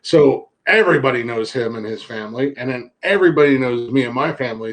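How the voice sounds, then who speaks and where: A man's voice: medium pitch, lively intonation, fairly quick, fairly bright tone, rough recording. Laid-back wry middle-aged man. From Johnstown area, Pennsylvania. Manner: laid-back, wry, swears, reads out news stories. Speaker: podcast host. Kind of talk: casual chat.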